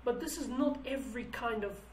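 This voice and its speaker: A woman with Kurdish as her first language teaches the words of a song in English, pausing to search for words and often starting sentences over. Her voice sits fairly high. The room is echoey, with a faint hiss behind her. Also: darkish tone, distant mic. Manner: thinks aloud, restarts phrases, searches for English words. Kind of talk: explaining song lyrics.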